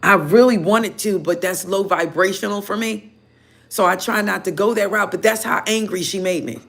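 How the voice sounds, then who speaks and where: A woman tarot reader casually telling viewers a story in an animated, chatty way, full of "you know" fillers. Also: medium pitch, moderate pace, creaky. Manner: animated, chatty, heated when retelling.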